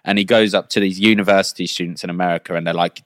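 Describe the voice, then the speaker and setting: A man's voice: low-pitched, rapid-fire, no room sound, studio quality. A young man co-hosting a podcast, rambling through ideas in casual, sweary chat. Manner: rambling, animated, swears freely. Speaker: podcast co-host.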